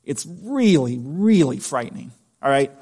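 A man's voice: mid-range voice, lively intonation, unhurried, darkish tone, breathy edge. A man preaching a sermon in a conversational, emphatic way, asking the congregation rhetorical questions. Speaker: pastor.

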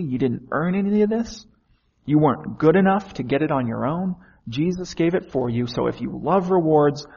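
A man's voice: medium pitch, vocal fry, a little mellow, husky, muffled recording. A man preaching a sermon in an earnest way, often asking the listeners questions.

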